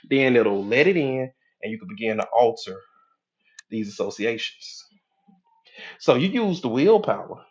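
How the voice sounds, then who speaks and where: A man's voice: mid-range voice, highs cut off. Colloquial male hypnotherapist acting out inner voices. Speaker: hypnotherapist and coach. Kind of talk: casual teaching talk.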